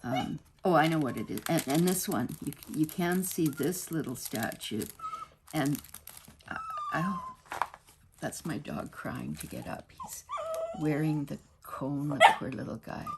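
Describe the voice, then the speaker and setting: Low, gravelly-voiced woman crafter. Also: huge pitch swings, unhurried, very noisy. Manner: chatty, rambling, often restarts mid-sentence. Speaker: craft tutorial host. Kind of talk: casual crafting tutorial.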